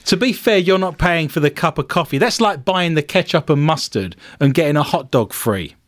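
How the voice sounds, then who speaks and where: A man's voice: a little high, animated, moderate pace. A man hosting a comedy podcast, reading odd news stories aloud and cracking wry jokes about them. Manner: joking, reads stories aloud with wry asides. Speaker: podcast host.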